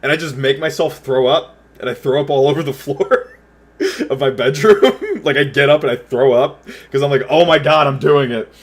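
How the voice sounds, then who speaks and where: A man's voice: medium pitch, moderate pace. Rambling man telling a story. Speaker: livestreamer. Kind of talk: casual storytelling while chatting with viewers.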